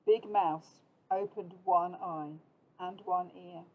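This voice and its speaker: A British woman teacher reading a story aloud to young children, gently inviting them to make sounds. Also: lowish voice, fairly even intonation, slow pace, phone-quality sound. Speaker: primary school teacher.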